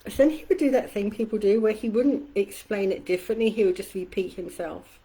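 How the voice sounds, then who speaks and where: A woman's voice: a little fast, husky, poor audio. A middle-aged woman coach in a casual live-stream talk. She speaks candidly and conversationally, swears casually, and acts out quoted voices. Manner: acts out quoted voices with shifts in pitch and loudness. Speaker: community coach.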